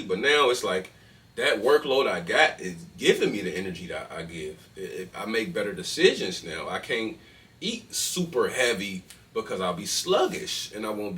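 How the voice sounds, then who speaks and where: A man's voice: low voice, animated, normal speed, bright, forceful tone. A man hosting a podcast, talking loosely in slangy casual chat with lots of restarts. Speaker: podcast host. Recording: distant mic with faint noise.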